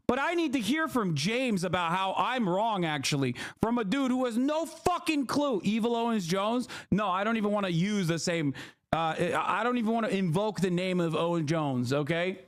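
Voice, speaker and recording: A man streaming as he reacts to a clip of his own TV debate, talking in a profane, animated and mocking way. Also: high-pitched, normal speed. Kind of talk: casual livestream commentary.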